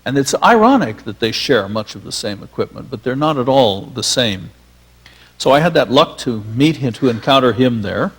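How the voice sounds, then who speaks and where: A man's voice: medium pitch, big pitch swings, normal speed, breathy edge. A man, a filmmaker guest, reminiscing onstage in a rambling, filler-laden storytelling way.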